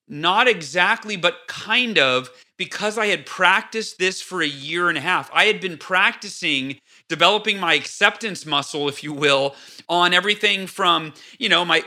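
Guy on a podcast, high and really bright voice, lively storyteller acting out his reactions. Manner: energetic storyteller, acts out his own reactions. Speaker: podcast guest. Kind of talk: conversational interview answer.

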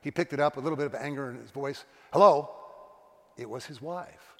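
A man's voice: medium pitch, fast, gravelly. Man preaching in a reverberant church. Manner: earnest, confessional storytelling with acted quotes. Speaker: pastor. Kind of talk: sermon. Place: church sanctuary.

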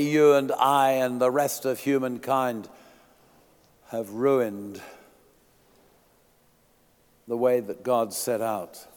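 A man preaching a sermon in a church, emphatic, swinging from quiet asides to loud declarations. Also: mid-range voice, flat delivery, slow pace, pauses often, smooth, in a large hall, soft background music.

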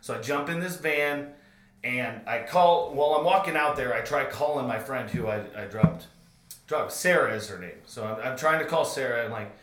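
A man's voice: medium pitch, animated, normal speed, fairly bright tone, roomy sound, slight background noise. A man hosting a podcast, telling a comedic story with lots of swearing, and his retelling grows frantic. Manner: profane, builds to frantic retelling.

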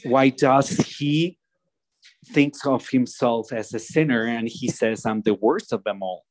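Male preacher, sermon, unhurried measured delivery, restarts phrases, dry sound. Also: mid-range voice, no room sound, low-quality recording. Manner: slow and deliberate, with frequent restarts.

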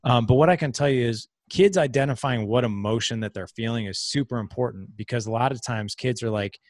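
A middle-aged male podcast host speaks fairly quickly at medium pitch, earnestly explaining ideas in casual conversation and acting out little example dialogues. The recording is dry with clean studio sound.

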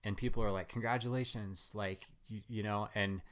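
A man, a guest runner, telling his story in casual interview chat, rambling with many fillers and animated. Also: lowish voice, moderate pace.

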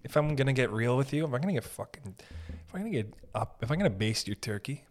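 Guy rambling on his podcast, swears a lot, trips over his own sentences, mid pitch. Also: lively intonation, quick pace. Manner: rambling, profane, self-interrupting, mock voices. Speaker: podcast host. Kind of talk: casual rambling comedic monologue.

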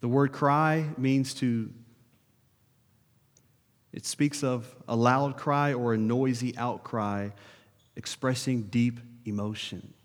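A man preaching a sermon to his congregation, earnest, building to urgent questions and dropping soft for prayer. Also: medium pitch, fairly even intonation, slow pace, pauses often. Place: church sanctuary. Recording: long reverb of a hall.

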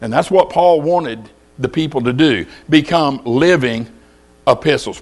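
A man's voice: on the high side, measured pace. A middle-aged man preaching a sermon, telling folksy stories and putting questions to the congregation.

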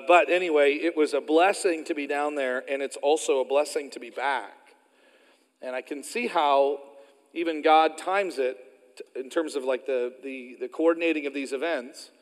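A man with an Oklahoma accent preaches from the pulpit, his fairly high voice carrying a long reverb through the sanctuary. He tells stories in a folksy, self-deprecating way. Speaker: pastor. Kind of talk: sermon.

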